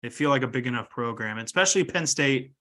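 Bright-voiced rambling sports podcast guy. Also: mid-range voice, expressive, fast. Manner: rambling, joking, trails off naming players. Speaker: podcast co-host. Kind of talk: casual sports chat.

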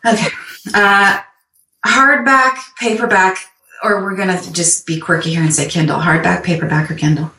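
A woman's voice: on the low side, steady tone, normal speed, pushed and bright. A woman hosting an interview, asking questions in a friendly, upbeat way. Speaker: podcast host. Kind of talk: interview conversation. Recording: roomy, distant mic, faint background noise.

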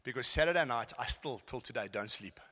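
A middle-aged man preaches to a congregation, his very bright, ringing voice carrying through a large hall with a long echo. He tells stories, then drops into quiet, wry asides between shouted lines. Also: mid-range voice, lively intonation, fairly quick. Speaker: pastor. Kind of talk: sermon.

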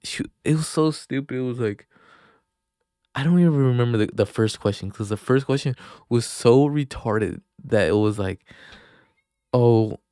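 In studio-quality, dry audio, a young podcast host with a mellow mid-range voice talks at a normal pace. Holding a handheld microphone, he tells a meandering, foul-mouthed story stuffed with filler words in a casual chat.

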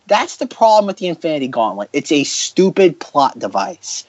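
Sarcastic ranting man, slightly high voice. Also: big pitch swings, dry recording. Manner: ranting, sarcastic, fast bursts. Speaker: podcast host. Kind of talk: casual podcast chat.

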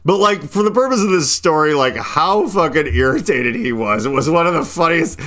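Lively bright-voiced man telling a story. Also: a little high, fairly quick. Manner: animated, profane, acts out quoted people in loud bursts. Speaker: podcast host. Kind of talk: casual storytelling chat. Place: indoors, podcast recording.

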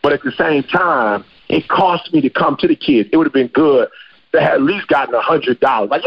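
A man hosting a podcast in casual chat, a slangy, animated storyteller. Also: on the high side, brisk, gravelly, slightly rough, dull audio. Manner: slangy, animated storyteller who acts out quotes. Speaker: podcast host.

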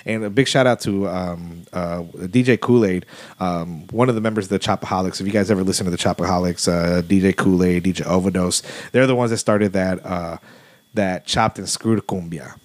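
A low-voiced man from Houston telling stories on a casual podcast. His delivery is laid-back and loose, full of fillers, and he swears freely. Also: brisk. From Houston, Texas. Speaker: podcast host. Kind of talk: casual storytelling chat.

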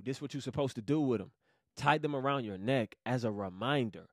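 A young man from Savannah, Georgia, with a Georgia accent, giving an excited, slangy Bible teaching as a podcast host. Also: mid-range voice, a little fast, no echo, clean studio sound. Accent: Southern US, Georgia. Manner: hyped, slangy, bursts into loud exclamations.

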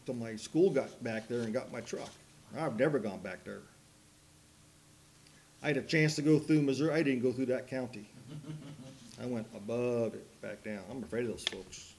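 A man preaching a sermon, mixing folksy rambling stories with slow, emphatic preaching. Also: medium pitch, a little mellow, a little hiss or hum. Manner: folksy, rambling storytelling with asides and laughs. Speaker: pastor.

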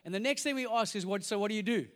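A man preaching a sermon in a large church, energetic and jokey, acting out little voices in his stories. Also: high voice, very fast. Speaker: pastor. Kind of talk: sermon with comic storytelling. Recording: reverberant church hall.

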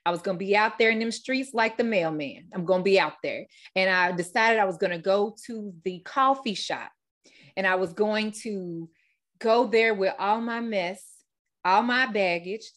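A woman hosting a faith-based podcast, telling her story with heartfelt repetition and fillers. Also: mid-range voice. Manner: heartfelt testimony, repeats words, fillers. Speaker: podcast host.

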